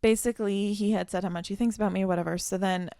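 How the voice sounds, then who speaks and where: A young woman co-hosting a podcast, telling a dating story in an animated, casual way with lots of "like"s. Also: medium pitch, quick pace, creaky, clean tone, no room sound, studio quality. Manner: animated storytelling, many "like"s, reads her texts aloud. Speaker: podcast co-host. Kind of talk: casual chat.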